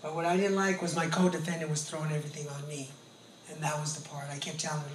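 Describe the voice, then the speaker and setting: Man, high register, animated storyteller, distant roomy sound with faint noise. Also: fast talker. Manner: animated, acts out voices of others in his story. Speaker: guest sharing his testimony. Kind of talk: casual storytelling testimony. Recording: echoey room, mic at a distance, faint background noise.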